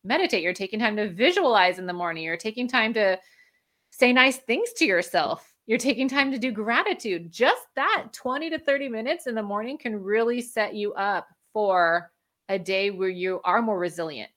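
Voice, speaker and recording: Bright-voiced woman explaining health habits. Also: mid-range voice, animated, normal speed. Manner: explanatory, laughs often. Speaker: functional medicine practitioner, guest. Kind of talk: conversational interview.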